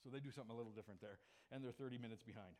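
A man preaching a sermon as pastor, lively and joking, with sudden loud emphatic phrases. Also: medium pitch, rapid-fire.

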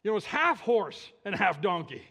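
A man preaching a sermon in a church, animated and leading the congregation in shouting together. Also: high-pitched, normal speed. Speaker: pastor.

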